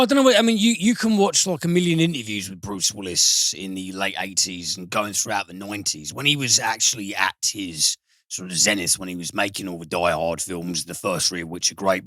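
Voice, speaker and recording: A man's voice: mid-range voice, fairly bright tone, no room sound. A man co-hosting a film podcast, blunt and sweary as he rants about actors. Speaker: podcast co-host. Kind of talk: casual film podcast chat.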